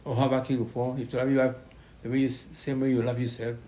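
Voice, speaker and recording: A man teaching a Torah lesson in animated, loosely worded speech, acting out bits of the dialogue. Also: medium pitch, rapid-fire. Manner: animated, acts out dialogue, ungrammatical phrasing.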